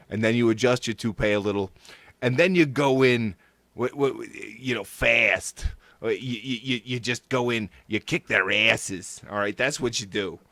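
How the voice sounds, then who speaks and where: A man's voice: medium pitch, a bit bright, dry recording, close to an everyday voice. A man impersonating a boastful older politician with a New York accent, repeating himself and stalling. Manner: boastful, repetitive, halting. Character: blustering older male politician, tough-talking.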